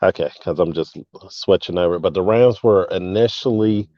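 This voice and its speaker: A low-voiced man chats about sports over a remote call, laid-back and thinking out loud as he goes. The audio is dull and lo-fi. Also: normal speed, dry recording. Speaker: co-host. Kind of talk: casual sports talk.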